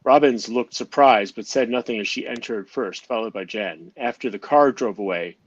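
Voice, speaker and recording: A man narrating an amateur audio drama in a steady reading voice, now and then stumbling and restarting a phrase. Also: mid-range voice, moderate pace, slightly rough, lo-fi sound.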